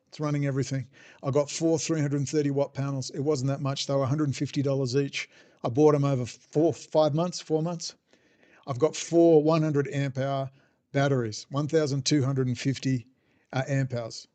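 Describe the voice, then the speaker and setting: A man's voice: medium pitch, a little mellow. A man ranting sarcastically in a monologue as podcast host. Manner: irreverent, sarcastic, mocking voices.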